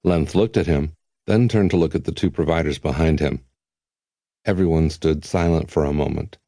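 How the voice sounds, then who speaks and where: A man reading an audiobook in a steady, measured narration. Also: very deep voice, no room sound, clean studio sound. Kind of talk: scripted narration.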